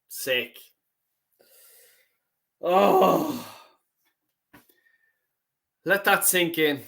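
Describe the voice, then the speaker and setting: A man's voice: a little high, a little slow, sharp tone. A man hosting a fan reaction stream, swearing and exasperated over his team's loss. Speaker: fan channel host. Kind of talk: angry football fan reaction.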